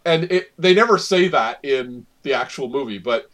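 A man's voice: mid-range voice, animated, moderate pace, fairly bright tone. A man co-hosting a casual podcast, rambling and correcting himself as he goes. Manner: rambling, self-correcting, frequent laughs. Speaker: podcast co-host.

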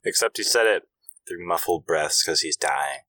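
A man's voice: low voice, animated, sharp tone, no echo. A man co-hosting a podcast in casual chat, tossing in short quips and asides. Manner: dry quick quips and asides. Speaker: podcast co-host.

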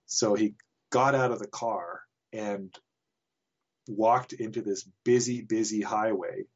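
A man's voice: fairly low pitch, fairly even intonation, takes it slowly, slightly rough. A man from Canada, a podcast guest, telling a casual anecdote in a rambling way with frequent chuckles. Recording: dull lo-fi podcast audio.

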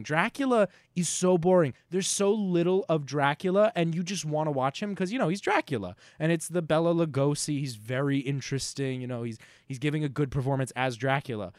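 A man's voice: on the high side, no echo, clean studio sound. A man co-hosting a podcast, rambling and joking casually, swearing now and then. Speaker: podcast co-host.

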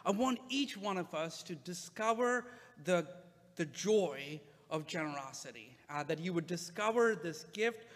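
A male pastor preaching a sermon in a relaxed, conversational way, with frequent "uh" fillers. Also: sits high, a little slow, big-room sound.

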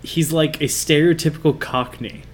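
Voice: medium pitch, steady tone, normal speed. A podcast co-host in casual chat, wry and joking. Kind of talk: casual chat reviewing an audiobook.

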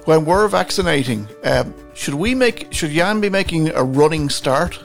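A man's voice: fairly high pitch, expressive, moderate pace, vocal fry, faint music behind. A man co-hosting a podcast, chatting casually with lots of agreement. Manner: chatty, agreeing, many yeahs. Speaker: podcast co-host. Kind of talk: casual chat.

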